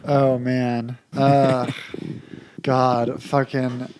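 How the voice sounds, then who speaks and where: A man in a casual podcast chat, speaking haltingly with many fillers. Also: mid-range voice, flat delivery, noisy background.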